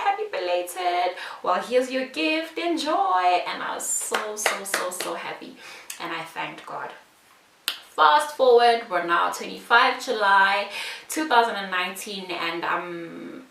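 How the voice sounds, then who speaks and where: Bright-voiced woman telling a story. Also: lowish voice, echoey room, recorded from a distance. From South Africa. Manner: animated, acts out the other people's lines in her story. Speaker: vlogger. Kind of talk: casual storytelling to camera.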